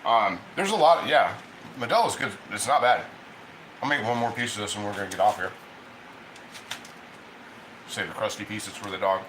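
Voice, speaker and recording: Man from Ohio, rambling livestream cook, bright voice, echoey kitchen, faint noise behind. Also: on the low side, lively intonation, normal speed, long pauses. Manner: rambling, chatty, reads viewer comments aloud. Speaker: cooking livestream host. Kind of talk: casual livestream chat while cooking.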